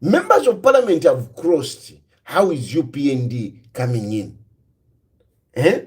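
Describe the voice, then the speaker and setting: A man's voice: medium pitch, sing-song, unhurried. A man with a Zambian accent giving solo political commentary, who repeats rhetorical questions and switches into Bemba.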